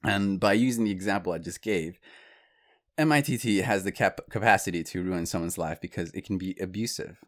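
A man's voice: deep voice, brisk. A man telling a personal story to viewers in a casual, conversational monologue, with asides and restarts.

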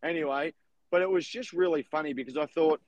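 A young man, a real estate agent and podcast co-host, telling stories in an animated, casual way. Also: on the high side, fairly quick, no room sound, lo-fi sound. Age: young adult. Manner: animated storytelling with laughs. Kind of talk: casual chat.

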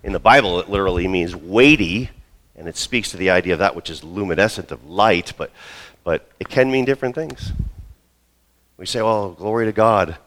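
A man in his role as pastor, preaching a sermon and telling a story with lively asides. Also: deep voice, a little fast. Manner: storytelling, acts out quoted voices.

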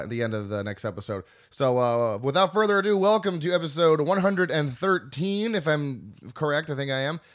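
A man's voice: mid-range voice, a bit bright. A young man hosting a podcast, chatting casually, joking and rambling as he corrects himself. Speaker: podcast host.

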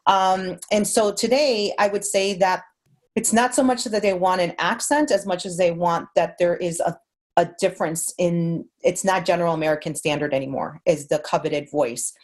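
On a podcast roundtable, a voice actor guest from Mexico speaks with a light Mexican accent in a fairly low voice at a moderate pace. The woman thinks aloud, sounding earnest and thankful.

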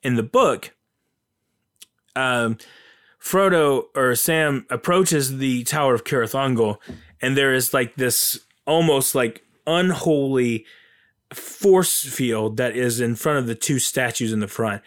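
A man's voice: medium pitch, slow. A man casually and enthusiastically retelling a film's plot, rambling with many fillers. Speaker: film commentator.

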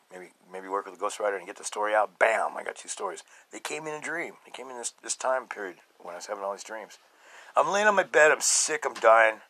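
A middle-aged man hosting a podcast, telling his own story emphatically and swinging between loud outbursts and low murmurs. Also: rough recording. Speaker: podcast host. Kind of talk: personal testimony monologue.

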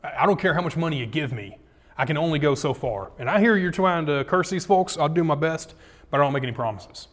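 Pastor voicing a shrugging pagan sorcerer. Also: male voice, a little high, animated, quick pace. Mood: exasperated. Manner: slangy, shrugging. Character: pagan sorcerer, casual, exasperated male. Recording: echoey hall.

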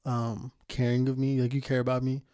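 A man's voice: medium pitch, completely flat delivery, a little fast, dark tone, smooth, no echo, clean studio sound. A man hosting a casual podcast, talking with heavy swearing and frequent laughter as he rants. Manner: profane, laughing, ranting. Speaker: podcast host.

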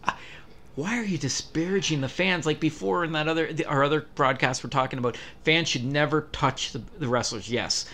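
A man's voice: on the high side, a little fast, bright, forceful tone. A man co-hosting a podcast, ranting bluntly and swearing freely, with many restarts. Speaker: podcast co-host. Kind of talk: heated podcast rant.

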